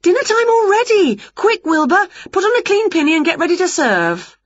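Winnie, a woman doing a high excitable witch. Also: unhurried, breathy edge, no echo, full character voice. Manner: chatty, boastful, exclamatory. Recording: dull lo-fi recording.

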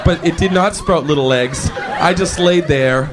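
A man doing a stand-up comedy routine, animated and acting out scenes with silly voices in front of a live audience. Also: fairly high pitch, unhurried. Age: 19 then, now adult. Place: stage before a live audience. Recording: live club with loud crowd laughter and noise.

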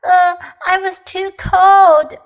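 Woman doing a high, anxious baby bear boy. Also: steady tone, extremely slow, heavily acted. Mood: nervous. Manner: anxious, pleading. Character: timid little baby bear boy, scared of dark.

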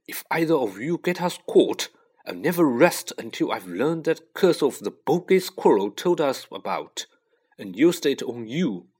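A man's voice: medium pitch, very animated, measured pace, darkish tone, husky. A man voicing a hot-tempered schoolboy who speaks bluntly and irritably. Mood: threatening. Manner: curt, irritable.

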